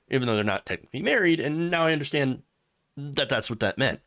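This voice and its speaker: A man hosting a live political commentary show, sarcastic and animated, laughing at his own jokes. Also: mid-range voice, fairly quick. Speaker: host.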